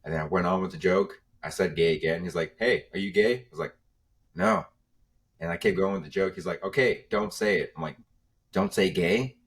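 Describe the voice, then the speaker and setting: A man's voice: sits low, brisk. A young man, a comedian guest on a podcast, telling rambling stories in a laid-back way. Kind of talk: casual podcast chat.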